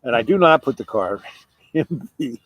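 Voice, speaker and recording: A man with a mid-pitched voice spins a casual anecdote. He rambles, backtracks and restarts his sentences, with a soft chuckle here and there, over faint background noise. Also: expressive, unhurried, highs cut off. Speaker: storyteller.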